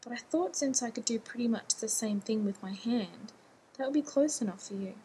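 A worn-out, blunt man speaks with tired exasperation, as a woman narrator acts him out. The voice stays fairly high. A faint rumble hums behind it. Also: normal speed, mellow, lightly acted, rough recording. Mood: weary. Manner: weary, blunt.

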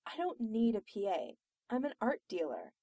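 A woman's voice: on the high side, huge pitch swings, normal speed, creaky, warm tone, no echo, full character voice. Cool posh young woman, as a woman reads her, composed, dry.

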